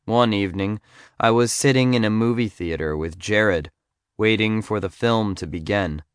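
Guy reading a memoir audiobook, low voice, dead dry studio sound. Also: normal speed, smooth, dry recording. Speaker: audiobook narrator.

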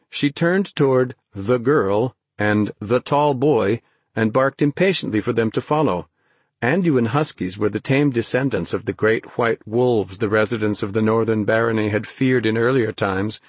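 A man with a husky voice narrating an audiobook in a steady, even storytelling manner. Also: mid-range voice, no echo. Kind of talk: scripted narration.

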